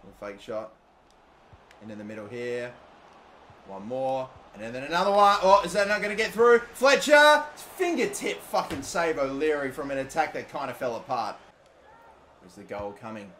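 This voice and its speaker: A young man giving live video game commentary, excitable and foul-mouthed, swinging between loud outbursts and low grumbling. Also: normal speed, slight background noise. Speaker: gaming YouTuber.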